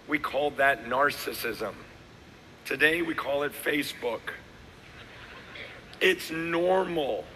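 A middle-aged male pastor preaching a sermon, his voice hoarse and worn out, swinging between shouted lines and quiet asides. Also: a little high. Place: large hall with live audience. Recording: long hall reverb, faint noise.

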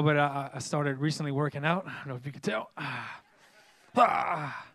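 Man, pastor, high voice, dry close sound, joking, animated sermon. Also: moderate pace, no echo. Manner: animated, joking, bursts into loud exclamations. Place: church.

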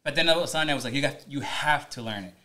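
Young latino guy on a podcast, talks super fast, bright punchy voice, mixes spanglish. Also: mid-range voice. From Mexican-American, raised in the US. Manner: fast, energetic, mixes English and Spanish with swearing. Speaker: radio host, podcast host. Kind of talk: casual podcast chat.

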